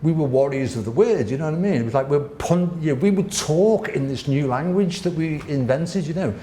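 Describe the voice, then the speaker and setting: A man, a guest telling lively, laughing stories with the odd swear word in a casual interview. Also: on the high side, fairly quick, a little hiss or hum. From Wirral, England. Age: 60s. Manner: animated, laughing, swearing raconteur. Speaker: guest artist. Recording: roomy echo.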